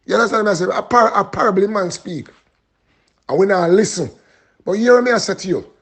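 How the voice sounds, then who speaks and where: Pleading Jamaican man, high voice. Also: brisk, creaky, breathy edge. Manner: pleading, repetitive, preacherly. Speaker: street preacher and vlogger. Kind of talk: impassioned live appeal and prayer.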